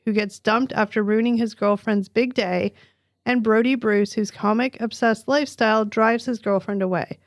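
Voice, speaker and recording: A woman's voice: fairly high pitch, no room sound, clean studio sound. A middle-aged woman co-hosting a podcast in a casual, chatty way, laughing often and full of "like" fillers. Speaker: podcast co-host. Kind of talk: casual chat.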